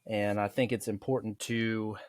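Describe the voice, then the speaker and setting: A man's voice: fairly low pitch, little pitch movement, normal speed, no room sound. A man hosting his first casual solo podcast, chatty and self-deprecating, rambling as he goes. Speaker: podcast host.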